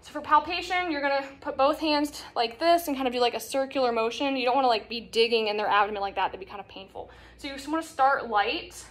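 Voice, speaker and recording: Using a fairly high, slightly bright voice, a young woman walks through a hands-on nursing assessment as a demonstration lesson. As the nursing instructor, she explains casually and leans on lots of fillers.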